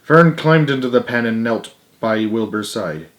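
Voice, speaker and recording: A man's voice: mid-range voice, measured pace. Man reading a storybook aloud. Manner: relaxed, with asides. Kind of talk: children's book read-aloud.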